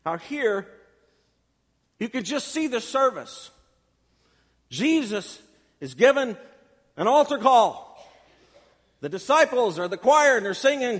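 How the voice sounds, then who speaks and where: Male pastor, very high voice, emphatic storyteller, long church reverb. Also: animated, unhurried, a bit bright. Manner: emphatic storytelling preacher, acts out quotes. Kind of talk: sermon.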